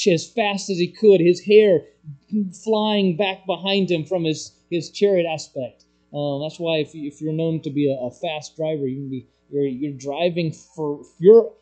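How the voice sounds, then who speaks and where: A man's voice: a little high, dark tone. A man preaching a sermon, reading scripture aloud and explaining it with rising emphasis. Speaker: pastor.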